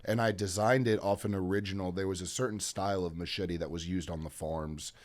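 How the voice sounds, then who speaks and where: Low-voiced man explaining calmly. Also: brisk. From Georgia, US. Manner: steady, explanatory, down-to-earth. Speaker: guest, blacksmith. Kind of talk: casual interview chat.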